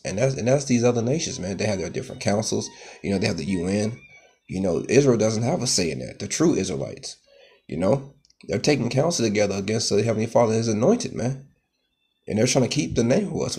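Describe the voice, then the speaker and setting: A man preaching from scripture in a husky, somewhat low voice. He peppers his lines with "man" and "okay" and stumbles through restarts. He turns loud and heated at times. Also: expressive, brisk. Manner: grows loud and heated, pitch rising sharply. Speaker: street preacher. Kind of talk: scripture teaching sermon.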